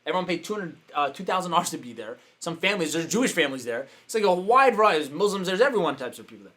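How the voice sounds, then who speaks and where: Brief: male coach, slightly raised pitch, animated anecdote teller with lively quoted voices. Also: rapid-fire. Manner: animated, acts out quotes with sudden pitch jumps. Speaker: business coach. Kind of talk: casual storytelling.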